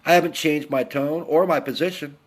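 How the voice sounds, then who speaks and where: A man's voice: fairly high pitch, steady tone, fairly quick. A middle-aged man from the United States, a Navy veteran, giving a heated, blunt political rant and repeating his points.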